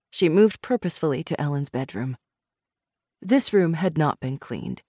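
A woman reading a novel aloud in measured, expressive scripted narration. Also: sits low, breathy edge, no echo, clean studio sound. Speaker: audiobook narrator.

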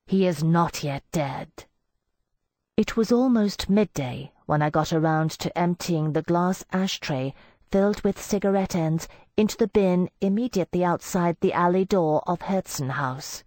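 A woman giving a measured first-person audiobook narration into a close studio mic. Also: lowish voice, darkish tone, no echo.

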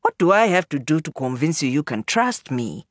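A woman's voice: low voice, very animated, moderate pace, no room sound, studio quality. A woman voicing a charming, easygoing young male journalist in an audiobook, speaking in a playful, teasing way.

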